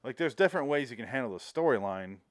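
A man's voice: mid-range voice, fast, no room sound. A man chatting about a movie he loves, swearing freely and acting out the scenes he retells. His voice sits in a middle range and sounds dry and close to the mic. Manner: animated, profane, acts out scenes. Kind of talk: casual movie discussion.

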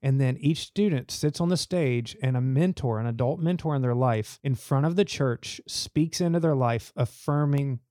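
Man, church youth leader, earnest storyteller, mellow, dry sound. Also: mid-range voice, normal speed, hardly any pauses, dry recording. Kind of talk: podcast interview.

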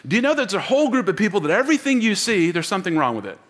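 A male pastor races through an emphatic sermon in a high, sing-song, fairly bright voice, calling out for the congregation's responses. He's miked up in a church auditorium whose long hall reverb fills the recording.

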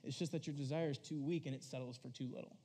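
A man's voice: mid-range voice, fairly even intonation, quick pace, warm tone. A young man giving a casual storytelling sermon to a youth crowd, rambling and filling his talk with "like" as he acts out quoted voices. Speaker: youth preacher.

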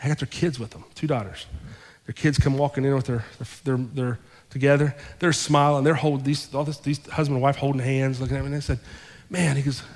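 A male pastor telling a story in a sermon, acting out both sides of the conversations with lively shifts in his voice. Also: medium pitch, fairly quick, hardly any pauses. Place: church sanctuary. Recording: long hall reverb.

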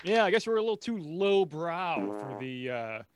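A man's voice: a little high, sing-song, moderate pace, crowd noise, noisy background. A man co-hosting a horror podcast, dry and sarcastic in casual chat. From Buffalo, New York. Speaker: podcast co-host.

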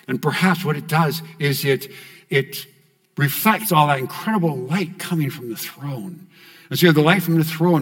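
A male preacher delivering a sermon, earnest and repetitive, sinking to a near hush on key phrases. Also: on the high side. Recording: long hall reverb.

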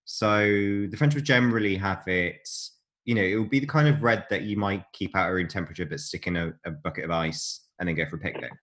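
A man's voice: sits low, fast, fairly bright tone. A man co-hosting a casual chat, explaining things in a chatty, jokey way and laughing often. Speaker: podcast co-host.

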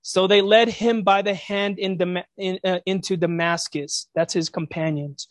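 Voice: medium pitch, fairly even intonation, normal speed, hardly any pauses. A preacher delivering a reflective sermon, posing rhetorical questions to the listeners.

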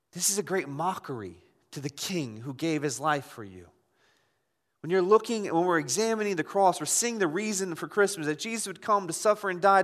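A man's voice: high-pitched, a bit bright. A man pastor preaching an impassioned sermon, pressing his listeners with rhetorical questions. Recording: long hall reverb.

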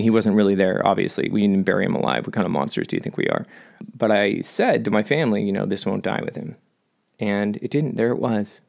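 Rambling self-deprecating man, low voice. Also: vocal fry, darkish tone. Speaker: vlogger. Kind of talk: casual personal monologue.

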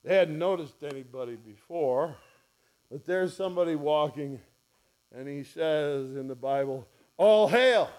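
Slow-speaking preacher man. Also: on the high side, fairly even intonation. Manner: storytelling preacher, acts out quoted voices softly and loudly. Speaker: pastor. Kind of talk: sermon. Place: church.

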